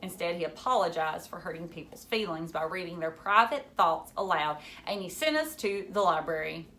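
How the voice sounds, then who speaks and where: Bright-voiced woman reading aloud. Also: on the low side, moderate pace. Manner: expressive, stops to comment and laugh. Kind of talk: reading a novel aloud to a class.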